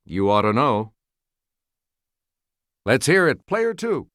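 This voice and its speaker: A man's voice: mid-range voice, sing-song, takes it slowly, very noisy. A man hosting a quiz show, announcing players and reading clues aloud in a scripted studio delivery. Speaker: game show host.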